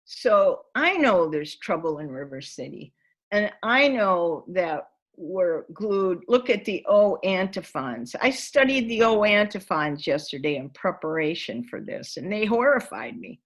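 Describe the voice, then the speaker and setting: A woman's voice: lowish voice, unhurried. A woman facilitating a spiritual gathering, telling a vivid story about her own life and acting out its scenes as she goes. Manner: vivid, animated storyteller who acts out scenes. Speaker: workshop facilitator and author.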